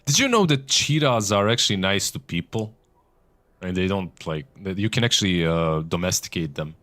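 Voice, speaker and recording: A man's voice: sits low, animated, normal speed, fairly bright tone, no echo. A man co-casting an esports broadcast, bantering playfully and laughing often. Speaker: esports co-caster. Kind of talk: casual on-air banter.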